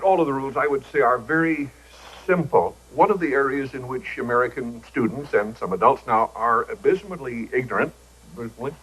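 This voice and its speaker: Older male raconteur, husky voice, dry jokes, old broadcast sound. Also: mid-range voice, a bit bright, poor audio. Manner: wry, joking raconteur acting out quoted voices. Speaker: talk show guest. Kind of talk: anecdotal talk show storytelling.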